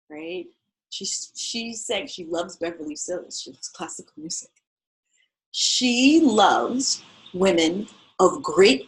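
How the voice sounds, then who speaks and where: A woman teaches solo performance to viewers of a live stream. She talks in an expressive, conversational way, swinging from loud to soft. She keeps checking in with the audience as she goes. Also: on the high side, poor audio.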